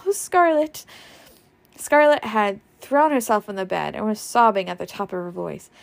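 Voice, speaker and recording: A woman reading a novel aloud, expressive and changing her voice for the characters. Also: mid-range voice, moderate pace, creaky. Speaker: audiobook reader.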